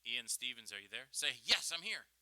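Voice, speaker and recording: A man's voice: medium pitch, sing-song, brisk, heavy background noise. An older man hosting a live radio talk show, chatty and joking, acting out what other people say in his stories. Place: radio studio.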